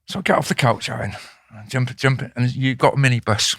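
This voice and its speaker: A man hosting a podcast, telling a story in casual chat, swearing constantly and loudly acting out the voices of the people in it. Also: medium pitch, steady tone, quick pace, no echo, clean studio sound. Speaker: podcast host.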